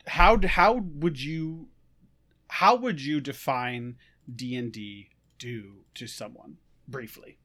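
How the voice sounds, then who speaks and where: A man's voice: mid-range voice, takes it slowly, pushed and bright. A man co-hosting a podcast, upbeat and prone to laughing, talking with plenty of ums and uhs. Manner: laughing, upbeat, with many fillers. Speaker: podcast co-host. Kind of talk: casual podcast chat.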